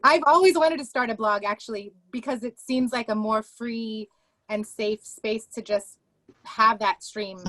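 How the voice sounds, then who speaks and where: A woman shares her thoughts in a writing workshop. She speaks very slowly and reflectively, trailing off at the ends of her sentences. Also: mid-range voice, a bit bright, rough recording. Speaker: workshop participant. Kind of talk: casual chat.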